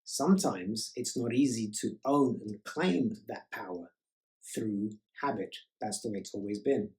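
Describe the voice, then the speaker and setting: A man's voice: on the low side, lively intonation, unhurried, a little mellow. A man speaking as a life coach in a motivational self-help talk, emphatic and repeating key words for stress. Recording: roomy echo.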